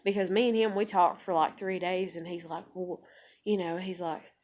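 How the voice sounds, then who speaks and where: A woman's voice: on the low side, steady tone, normal speed, darkish tone. Blunt, profane woman vlogger. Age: adult parent. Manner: blunt, profane, rambling with many fillers. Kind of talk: candid personal storytelling to camera.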